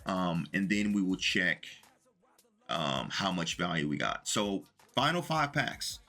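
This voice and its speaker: A man with a lowish, forceful, bright voice talks viewers through a video game in a relaxed, chatty way. He works through his numbers out loud as he goes, while faint music plays in the background. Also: slow pace. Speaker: gaming video creator. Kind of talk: casual commentary to viewers while opening packs.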